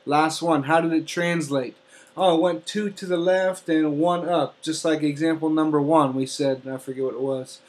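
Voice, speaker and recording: A man's voice: on the high side, steady tone, normal speed. A man teaching an algebra lesson step by step, often checking in with "okay?". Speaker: math teacher. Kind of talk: classroom math lesson.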